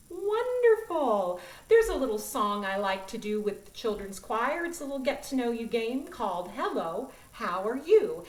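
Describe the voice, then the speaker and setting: A woman directing a children's choir in an upbeat online music lesson, talking in an animated, expressive way. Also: a little high. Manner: animated, expressive, demonstrates voice sounds. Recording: roomy, from a distance.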